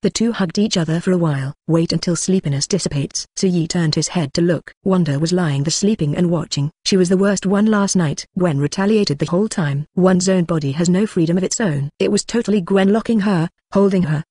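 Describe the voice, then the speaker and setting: A synthetic voice narrating an audiobook in a flat, even machine reading. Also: mid-range voice, fairly quick, few pauses, no echo, clean studio sound.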